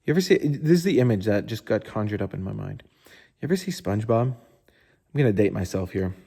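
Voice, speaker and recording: A man's voice: lowish voice, expressive, fairly quick, gravelly, warm tone, breathy edge, long reverb tail. A man in a casual motivational storytelling style, candid and informal, who swears often and says "like" a lot. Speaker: motivational speaker.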